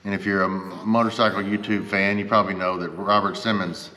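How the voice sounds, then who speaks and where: A man's voice: low-pitched, flat delivery, a little fast, pushed and bright, in a large hall, slight background noise. A man hosting a motorcycle vlog, talking casually and earnestly to his viewers and asking them for advice. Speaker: motorcycle vlogger. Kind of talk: casual chat to camera.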